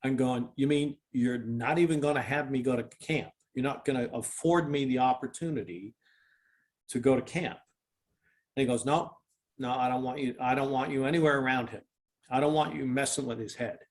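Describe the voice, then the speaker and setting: A man's voice: medium pitch, moderate pace. An older man, a former football kicker, telling a long story in a casual interview, with many restarts and fillers.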